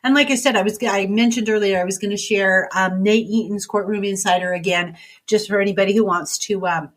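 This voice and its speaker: A woman's voice: medium pitch, steady tone, fairly quick. A woman hosting a podcast, chatting casually with a guest and running the sign-off in an upbeat way. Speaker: podcast host. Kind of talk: casual chat. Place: indoor room with a guest and small audience.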